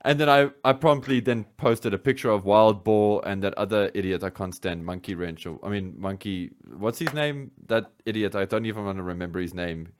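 A man's voice: fairly low pitch, brisk, few pauses. A man co-hosting a podcast in casual chat, talking animatedly, often laughing and acting out what other people say. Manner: animated, laughing, acts out quoted fans. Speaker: podcast co-host.

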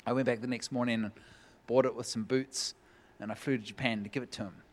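A man preaching a sermon, telling a personal story in a lively way and acting out the voices of the people in it, at a church meeting. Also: mid-range voice, fast talker. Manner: lively, acts out quoted voices. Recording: long hall reverb.

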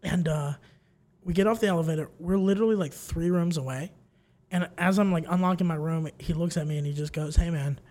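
A man's voice: fairly high pitch, a little fast. A young man co-hosting a podcast, telling a story in casual chat, acting out the people in it and laughing often. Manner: animated storyteller, acts out quoted voices, laughs often. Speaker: podcast co-host.

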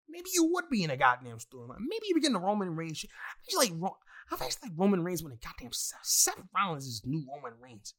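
Foul-mouthed wrestling fan, exasperated casual rant, lively swooping pitch, bright tense tone. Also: brisk. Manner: heavy swearing, exasperated asides.

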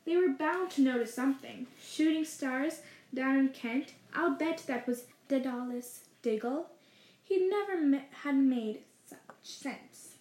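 A woman reading aloud and voicing a stern, prim woman professor who speaks in a brisk, clipped, impatient way. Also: high-pitched, darkish tone. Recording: roomy echo.

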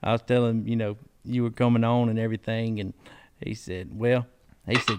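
A man hosting a podcast, in relaxed banter and laughing easily. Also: mid-range voice, a little fast, background noise. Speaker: podcast host. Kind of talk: casual chat.

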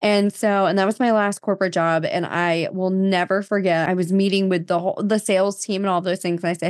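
A woman's voice: mid-range voice, fairly even intonation, fairly quick, hardly any pauses, no echo, clean studio sound. A woman in her thirties from New Jersey, a podcast guest telling her story in casual chat full of fillers and quoted dialogue.

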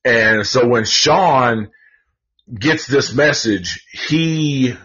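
Male host, casual live film review, slow and profane, husky, dull lo-fi sound. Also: mid-range voice, bright, forceful tone. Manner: rambling, profane, many fillers and restarts.

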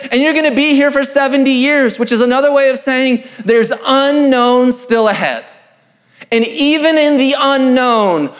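A pastor giving an earnest, emphatic sermon-style talk, reading scripture and building through repeated phrases. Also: male voice, very high-pitched.

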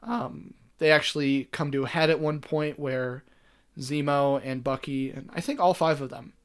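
Male podcast co-host, mid-pitched, loose rambling recap delivery with lots of "like"-style fillers. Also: normal speed, clear, resonant tone. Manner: rambling, heavy on fillers, animated asides. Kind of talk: casual chat recapping a TV episode.

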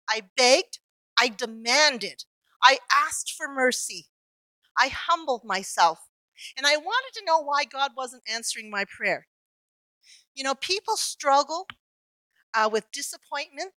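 A woman preaching a sermon, telling a personal story in an earnest, reflective way with slow emphatic pauses. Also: fairly high pitch, sharp tone, no room sound, low-quality recording.

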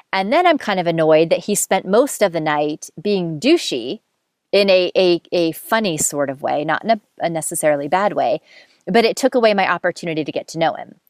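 A woman with a lowish voice talks through a personal story in casual monologue. She is candid and self-mocking, and she swears freely. The sound is dry and close, with no room echo. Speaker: podcast host telling a dating story.

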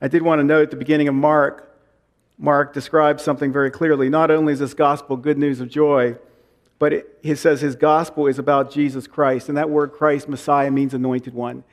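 Casting: pastor, man, high voice, preaching a sermon with deliberate repetition. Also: little pitch movement. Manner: slows and repeats lines for emphasis; reads scripture aloud.

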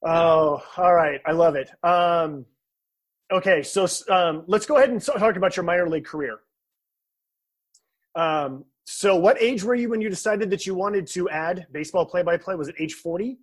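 A man hosting an interview, asking questions in a relaxed way and laughing along with his guest. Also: high-pitched, moderate pace, slightly rough. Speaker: host, interviewer. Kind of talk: casual interview chat.

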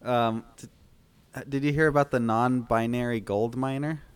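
A man's voice: mid-range voice, fairly even intonation, moderate pace, smooth. A man co-hosting a movie podcast, laid-back and hesitant, with lots of ums. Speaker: podcast co-host. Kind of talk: casual movie chat.

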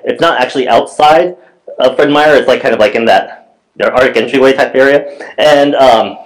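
A man's voice: mid-range voice, rough recording. Chatty pastor man telling a story. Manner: conversational, animated storytelling with many fillers. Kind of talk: sermon with personal story. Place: church.

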